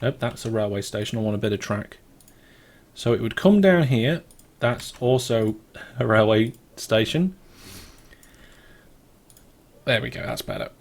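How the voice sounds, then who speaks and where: A man's voice: lowish voice, expressive, unhurried, long pauses. A British man hosting a let's play, giving casual gameplay commentary as he thinks aloud in a wandering, chatty way.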